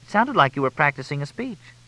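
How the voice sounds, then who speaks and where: A man's voice: on the high side, sing-song, quick pace, sharp tone, pitched above the performer's own voice, low-quality recording. A man voicing a curious woman who keeps pressing with questions. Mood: probing. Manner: questioning, insistent. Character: curious, probing woman at a dinner table.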